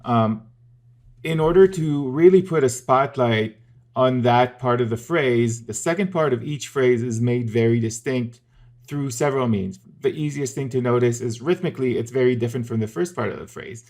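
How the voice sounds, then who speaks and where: A man's voice: medium pitch, normal speed, darkish tone. A man teaching music theory in a casual, methodical video lesson, explaining step by step with the odd filler.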